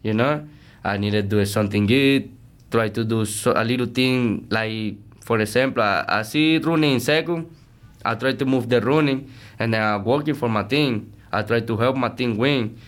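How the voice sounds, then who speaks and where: Earnest man, smooth voice. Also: medium pitch. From Venezuela. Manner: earnest, energetic, broken English. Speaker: baseball player, interview guest. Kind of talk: casual interview chat.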